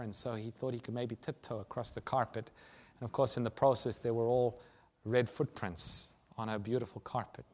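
A man preaching a sermon and telling a story, swinging from loud emphasis to hushed near-whispers. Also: medium pitch.

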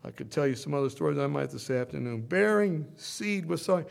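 A man preaching a sermon as pastor, swinging from loud emphatic bursts to soft storytelling. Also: fairly high pitch, lively intonation, brisk, gravelly.

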